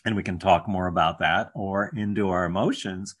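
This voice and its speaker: A man in conversation affirming his guest and then explaining ideas in a teacherly, animated way. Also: low voice, moderate pace. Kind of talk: casual conversation.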